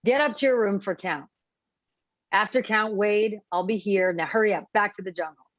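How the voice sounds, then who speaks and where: A woman reading the part of a calm, unreadable female prison officer in an amateur live script reading over a video call, with a flat, undramatic delivery. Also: medium pitch, moderate pace, no echo, muffled recording, close to an everyday voice. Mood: ordering. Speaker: script reader.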